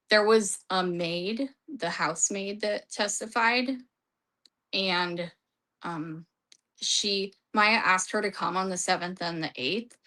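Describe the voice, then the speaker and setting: Slow-talking woman recapping a trial. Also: medium pitch, a bit bright. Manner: rambling, restarts, reads from notes. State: losing her voice. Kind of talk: casual courtroom recap.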